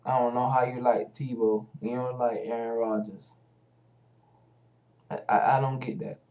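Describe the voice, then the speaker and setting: A man's voice: medium pitch, flat delivery, normal speed, dull audio. Heated, profane man ranting to camera. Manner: heated, profane, speaks straight at the hosts. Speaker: vlogger. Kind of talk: casual ranting commentary.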